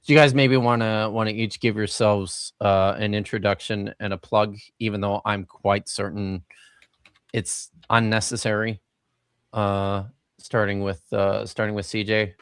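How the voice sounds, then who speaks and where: A man hosts a casual live stream, rambling and joking with plenty of restarts. His voice sits a little low. The sound is dry and close. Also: flat delivery, unhurried, fairly bright tone, smooth, dry recording. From Canada. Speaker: host.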